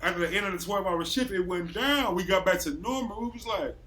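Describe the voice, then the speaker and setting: A man's voice: sits high, fast talker, pushed and bright. A man from Racine, Wisconsin, a podcast host telling a story in loose casual chat, acting out the quotes and swearing freely.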